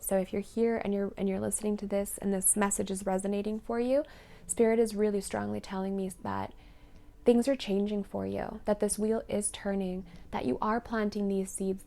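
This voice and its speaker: A woman's voice: mid-range voice, gravelly, dark tone. A young woman giving an earnest, gushing spiritual card reading, full of fillers and restarts. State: emotional, tearful at times. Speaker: tarot card reader.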